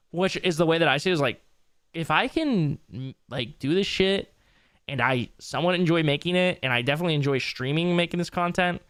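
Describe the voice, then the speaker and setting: A young man chats quickly into a close mic while he streams, his talk loose, rambling and sprinkled with swearing. He sounds worn down by a long night. The room is dry, with no echo. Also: on the high side, fairly bright tone. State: tired late in a long stream. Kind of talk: casual live-stream commentary.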